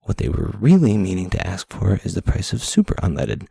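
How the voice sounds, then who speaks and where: Gravelly, husky-voiced young man ranting. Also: deep voice, big pitch swings, brisk, mellow, no room sound, clean studio sound. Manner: ranting, rambling, self-deprecating. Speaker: podcast host. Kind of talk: casual solo podcast monologue.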